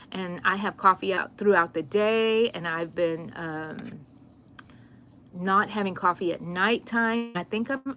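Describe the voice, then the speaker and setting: A middle-aged woman, chatting casually with viewers on a crochet livestream, given to sudden excited squeals. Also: mid-range voice, a little hiss or hum.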